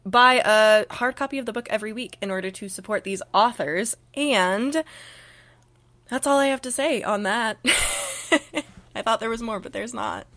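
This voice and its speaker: A young woman co-hosting a casual podcast, dry and sarcastic, laughing often between remarks. Her voice is fairly high and sharply bright. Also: normal speed. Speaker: podcast co-host. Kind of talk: casual chat.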